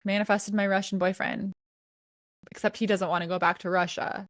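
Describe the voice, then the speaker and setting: A podcast host in her thirties tells stories during a casual video-call chat, giggly and animated when she quotes people. She speaks fairly quickly in a mid-range voice, with studio-quality audio and no echo.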